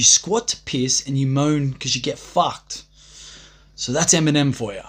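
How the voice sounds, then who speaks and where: A man's voice: a little high, animated, measured pace, a bit bright. A young man ranting on a livestream, boastful and profane, rambling from one thought to the next.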